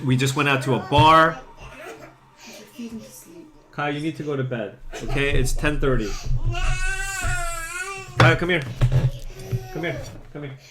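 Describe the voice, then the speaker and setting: A man chats casually on his gaming stream, slightly tipsy, and wanders through a story with plenty of "like" and "you know". His pitch swings widely. His tone stays bright and forward. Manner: rambling, with many fillers, restarts and laughs. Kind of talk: casual storytelling chat while playing.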